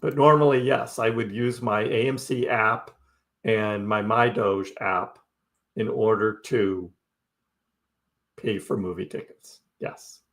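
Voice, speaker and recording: A man's voice: on the low side, fairly even intonation, slow, a bit bright. A middle-aged man hosting a crypto livestream, casually answering viewer chat with wry jokes and frequent laughs. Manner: chatty and wry, laughs often.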